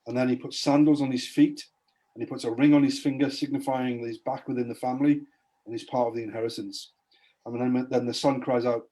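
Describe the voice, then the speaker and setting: A man's voice: medium pitch, level tone, brisk, mellow. A man giving a spoken testimony as a podcast guest, earnestly retelling a Bible story in a preacher-like way.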